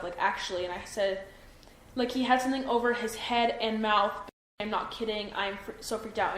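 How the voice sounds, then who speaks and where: A young adult woman giving a halting account to an interviewer, full of "like" and restarts. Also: medium pitch, a bit bright. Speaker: witness being interviewed. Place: indoors at her home. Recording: echoey room with faint ambient noise.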